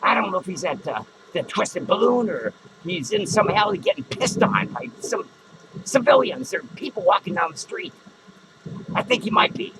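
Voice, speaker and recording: A drunk, hot-tempered clown, as a man puts him on, slurring and rambling in a high, gravelly voice that swings wildly up and down. The tone is bright and edgy, with shrill cackles breaking through the comedy monologue. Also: sing-song, normal speed, background noise, full character voice. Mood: drunken rambling. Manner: slurring, rambling, swearing constantly. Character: drunken foul-mouthed adult male clown, hot-tempered. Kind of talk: improvised character comedy monologue.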